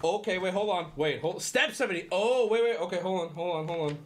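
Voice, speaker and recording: A man hosting a livestream, talking straight to his chat in a casual, animated way and swearing freely. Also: high-pitched, fairly quick, slight background noise. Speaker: livestream host.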